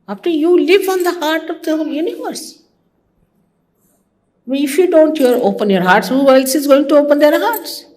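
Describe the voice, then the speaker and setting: A woman's voice: sits high, expressive, normal speed, a little mellow. An older woman from India, a spiritual teacher giving a conversational devotional talk to her followers, teasing and mimicking others. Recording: archival talk recording.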